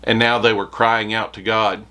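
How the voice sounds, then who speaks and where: A man's voice: lowish voice, flat delivery, normal speed, sharp tone. Earnest male preacher giving a sermon. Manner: earnest, reads scripture aloud with rising emphasis.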